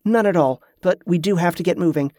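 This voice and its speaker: A man's voice: high voice, fairly quick, a little mellow, dry recording, studio quality, lightly acted. A man voicing a curious, polite female adventurer in an audiobook fantasy story. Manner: inquisitive, courteous.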